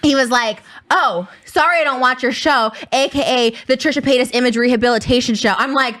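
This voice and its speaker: A woman co-hosting a podcast on a studio set, chatting casually in an excitable, dramatic way. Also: high-pitched. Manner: excitable, dramatic, fast-talking. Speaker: podcast co-host. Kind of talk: casual chat.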